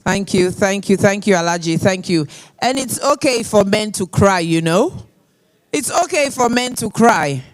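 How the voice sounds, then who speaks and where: High-voiced man, earnest MC. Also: animated, normal speed. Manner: earnest, repeats his points. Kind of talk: speaking at a funeral service.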